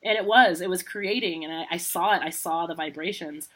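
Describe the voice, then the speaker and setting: Bright-voiced woman telling a story. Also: fairly low pitch, a little fast. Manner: animated, laughs often, lots of "like". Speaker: podcast co-host. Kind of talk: casual storytelling chat.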